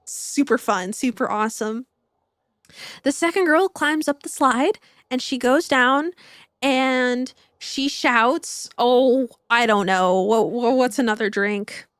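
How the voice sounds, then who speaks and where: A woman's voice: a little high, slow pace, fairly bright tone, clear, resonant tone, dry recording, clean studio sound. A young woman streaming a game, chatting casually, telling jokes, swearing, and breaking into squeals and giggles. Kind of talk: casual gameplay commentary.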